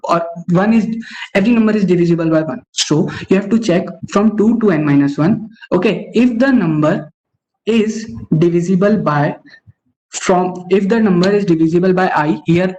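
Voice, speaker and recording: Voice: mid-range voice, darkish tone. A young adult teaching algorithms in an online webinar, saying okay constantly and correcting themself mid-sentence. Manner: says okay constantly, stops to correct itself. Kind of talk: online coding lecture. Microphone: online call microphone. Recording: dull lo-fi call audio.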